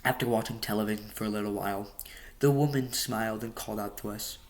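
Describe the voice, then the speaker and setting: A man's voice: on the low side, fast talker. A man reading his novel aloud casually, stumbling and adding joking asides. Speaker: audiobook reader.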